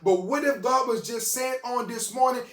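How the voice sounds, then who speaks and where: Guy preaching a story sermon, high voice, echoey room. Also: moderate pace. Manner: animated storyteller quoting others in dialogue. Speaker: preacher, show host.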